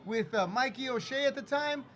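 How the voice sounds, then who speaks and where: A man with a very high-pitched, slightly bright voice talks briskly as he hosts and comments on old wrestling footage. He's casual and rambling, full of fillers and jokes, with slight background noise.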